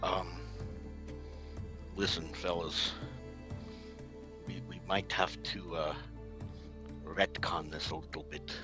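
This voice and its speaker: Man, player, very deep voice, formal and wordy, hesitant fillers. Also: steady tone, takes it slowly, long pauses, music in the background. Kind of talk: casual tabletop game play.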